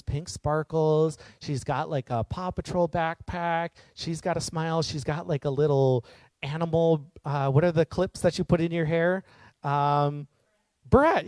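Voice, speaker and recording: A man's voice: on the high side, a little mellow, no echo. A man giving an earnest, casual reflective monologue, rambling a little with fillers and restarts.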